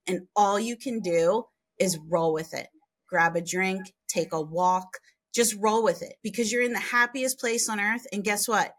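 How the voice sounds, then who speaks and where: A woman guesting on a podcast, telling frank, animated stories with mild swearing and big jumps in pitch for emphasis. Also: measured pace, husky. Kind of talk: candid conversational storytelling.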